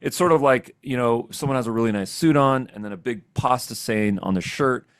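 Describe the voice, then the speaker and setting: A man giving a casual, upbeat screen-share software tutorial, chatty and often checking in with "okay?". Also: mid-range voice, brisk, clean tone, no room sound, clean studio sound. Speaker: software trainer. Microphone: desk microphone.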